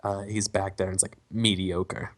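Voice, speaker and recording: A man's voice: mid-range voice, a little fast, a bit bright. A man at a tabletop game who explains the rules to another player in casual chat.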